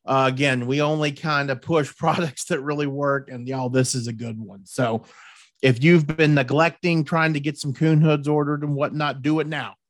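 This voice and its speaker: A man's voice: a little high, steady tone, moderate pace, no echo, clean studio sound. A man hosting a hunting show, talking in a folksy, repetitive, pushy way. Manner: folksy, repeats words, pushy about tips. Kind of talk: casual podcast chat.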